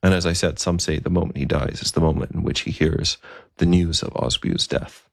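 A man's voice: sits low, fairly even intonation, a little fast, gravelly, no room sound, studio quality. A man narrating a story in a conversational way, with occasional fillers.

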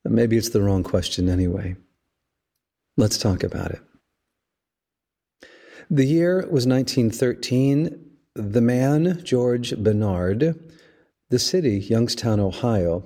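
A man, a priest hosting a podcast, giving a measured, storytelling homily. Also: lowish voice, dark tone. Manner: slow, measured, storytelling delivery. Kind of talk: reflective spoken homily.

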